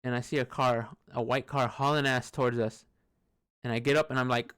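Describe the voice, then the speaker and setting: A man's voice: medium pitch, steady tone, a little fast, fairly bright tone, clear, resonant tone. A man telling a personal story in a rambling, casual way, swearing often and restarting sentences while he plays a computer game. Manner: rambling, profane, many fillers and restarts.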